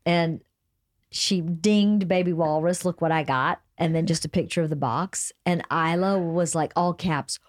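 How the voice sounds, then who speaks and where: A woman hosting a podcast in casual chat, animated and laughing as she reads texts aloud. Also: fairly low pitch, unhurried. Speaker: podcast host.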